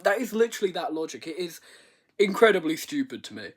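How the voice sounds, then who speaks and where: A man's voice: on the high side, big pitch swings, fast talker, fairly bright tone, husky. A man giving a rambling, comedic movie review rant, swearing and exaggerating. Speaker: video reviewer.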